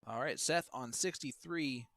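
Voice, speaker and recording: A man's voice: medium pitch, measured pace, fairly bright tone, no echo. A man commentating a live darts match, talking in a chatty, joking way and teasing his co-host.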